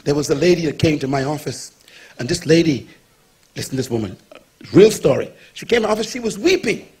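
A male pastor preaching a sermon, telling a story with lively acted-out dialogue and calling on the congregation to repeat after him. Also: fairly high pitch, brisk, slightly rough. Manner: animated storyteller, acts out dialogue, calls on the congregation.

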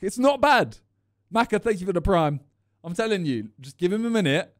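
A man streaming his reactions to a video, talking casually with animated, joking asides. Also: sits high, normal speed.

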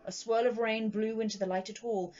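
A woman from Sheffield, England, giving a measured, dramatic reading of a classic ghost story. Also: on the high side, steady tone, dark tone, dull audio.

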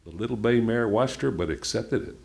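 A man reading a novel aloud at a book event in an unhurried, plainspoken way. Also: fairly low pitch, gravelly. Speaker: reader.

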